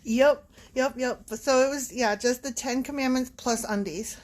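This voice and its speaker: A woman with a high, slightly mellow voice speaks at a moderate pace. She is co-hosting a podcast, trading casual, playful banter punctuated by giggles.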